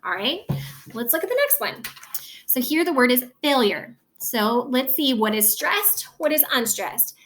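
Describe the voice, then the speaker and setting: A woman teaching a recorded lesson, patiently guiding students and stretching words slowly to show which syllables are stressed. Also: sits high, very animated, fairly bright tone, a little hiss or hum.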